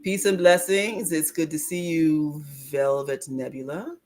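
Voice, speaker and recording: A woman's voice: deep voice, measured pace, a little mellow, slight background noise. A woman spiritual teacher giving a livestream talk, reflective, laughing often and greeting viewers as she reads their comments. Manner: reflective, laughs often, acts out inner voices.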